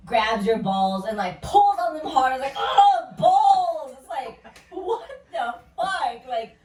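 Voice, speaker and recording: A woman's voice: high voice, animated, measured pace. Blunt, swearing woman in her thirties. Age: 30s. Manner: blunt storytelling, heavy swearing and "like" fillers. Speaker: podcast co-host. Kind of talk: casual chat. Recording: roomy echo from a distant mic with faint ambience.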